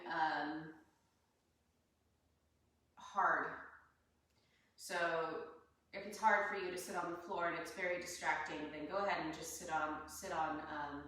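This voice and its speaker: A woman yoga teacher leading a class, talking students through their breathing in a calm, unhurried way. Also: on the low side. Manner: calm, unhurried guidance with soft laughs. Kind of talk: guided breathing instruction. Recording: echoey room, voice a bit far from mic.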